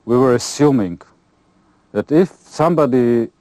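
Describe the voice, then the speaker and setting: A man's voice: medium pitch, lively intonation, a little slow, warm tone. Man with hum behind, recalling plainly. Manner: plain, hesitant with fillers. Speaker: interviewee, former air force pilot. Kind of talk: interview recollection.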